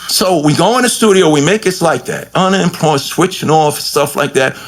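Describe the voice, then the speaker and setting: A man telling an animated, profane story as an interview guest and acting out the lines he quotes. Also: a little high, normal speed. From Queens, New York. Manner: profane, acts out quotes and records with shifting voice.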